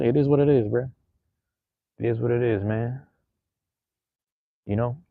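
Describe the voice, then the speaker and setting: A man's voice: mid-range voice, mellow, dry recording, muffled recording. A man hosting a casual solo livestream, rambling in a laid-back, slangy way. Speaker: livestream host.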